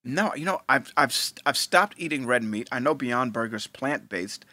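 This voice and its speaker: A man's voice: mid-range voice, lively intonation, normal speed, bright, forceful tone, no room sound. A man co-hosting a podcast in laid-back casual chat, often calling people "man". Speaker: podcast co-host.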